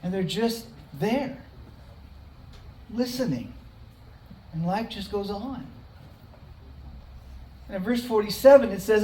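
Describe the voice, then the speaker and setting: A pastor giving a conversational, story-driven sermon with dramatic pauses. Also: medium pitch, expressive, mellow, slight background noise. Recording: roomy hall, mic at a distance.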